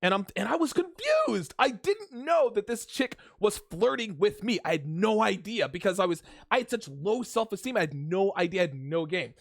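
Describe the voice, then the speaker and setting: A man with a fairly high, very lively voice talks straight to the camera from a solo home setup. He swears freely and restarts his sentences often. The sound is dry and close. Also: normal speed, gravelly, hardly any pauses, no room sound. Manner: animated and profane, with frequent restarts. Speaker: host of a commentary channel. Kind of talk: casual storytelling and commentary monologue. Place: solo home studio with a fan nearby.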